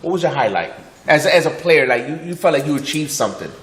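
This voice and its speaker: A man hosting a talk show, asking eager questions and jumping in with quick interjections. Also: a little high, expressive, echoey room. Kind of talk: casual interview chat.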